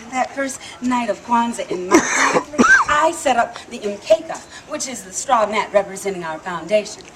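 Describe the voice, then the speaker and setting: Animated woman storyteller, high voice, noisy. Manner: animated, playful, laughs often. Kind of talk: live storytelling performance with audience call-and-response. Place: outdoor theme park stage.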